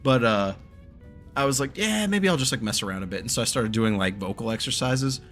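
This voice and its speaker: Over a voice call, a streamer hosting a stream chats casually, rambling through stories and laughing often. His medium-pitched voice is animated, quick, and a bit bright, with soft music in the background.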